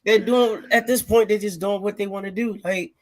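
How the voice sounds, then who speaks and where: A young man with a fairly high voice co-hosts a wrestling podcast. He is laid-back and blunt, and he keeps his replies short and plain. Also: steady tone, normal speed. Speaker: podcast co-host. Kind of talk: casual wrestling podcast talk.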